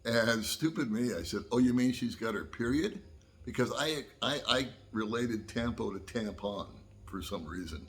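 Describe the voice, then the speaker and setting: A man's voice: on the low side, fairly bright tone, a little hiss or hum. An older American man vlogging, telling a personal story in a folksy, casual way and laughing at himself. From United States. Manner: folksy, laughs at himself, slow drawn-out asides.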